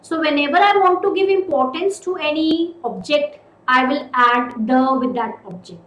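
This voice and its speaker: A woman teaching a recorded grammar lesson, repeating and stressing key words slowly. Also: sits high, a bit bright, echoey room, dull audio.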